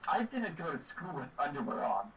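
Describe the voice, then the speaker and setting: A young man tells stories in a casual podcast chat, laughing his way through each one. His voice sits a touch high and comes from some way off the mic. A steady background noise runs under the recording. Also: fairly quick, highs cut off. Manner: laughing, animated storyteller. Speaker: podcast co-host. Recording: distant mic with noise behind.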